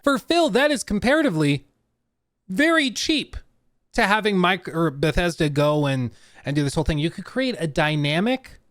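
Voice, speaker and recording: A man's voice: fairly high pitch, no echo, studio quality. A man streaming live, telling a rambling story in casual chat and laughing often. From Colorado, USA. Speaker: streamer reacting to an interview.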